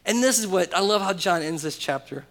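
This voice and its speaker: Preaching a sermon to his church, this pastor has a high, expressive voice and talks a little fast. He shifts from booming, forceful appeals to soft, personal asides and keeps throwing rhetorical questions at his listeners.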